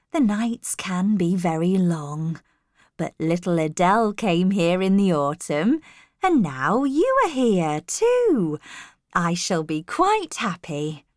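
A woman reading a story aloud and voicing a kindly grey-haired housekeeper who speaks gently and slowly. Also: mid-range voice, no room sound, studio quality. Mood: gentle. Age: older. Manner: gentle, slow and warm-hearted.

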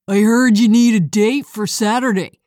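A woman's voice: a little high, steady tone, moderate pace, darkish tone, dry recording, studio quality, close to an everyday voice. A woman voicing a pushy teenage boy who insistently cajoles a girl.

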